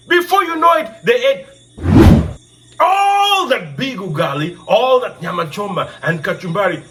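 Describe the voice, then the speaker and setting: A man from Kenya tells a moral folk tale in a fairly high voice with big swoops of pitch. He takes his time, drawing out his phrases and repeating his questions like a preacher, over faint music. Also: sing-song, measured pace, heavy background noise. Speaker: storyteller and show host. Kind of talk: oral storytelling with a moral.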